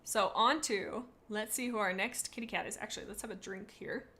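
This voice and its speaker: A woman's voice: mid-range voice, brisk, bright, forceful tone, a little hiss or hum. Playful woman streamer rambling to chat. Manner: playful, rambling, reads chat comments aloud. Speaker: streamer rating viewers' cat photos. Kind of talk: casual live-stream chat. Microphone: desk microphone.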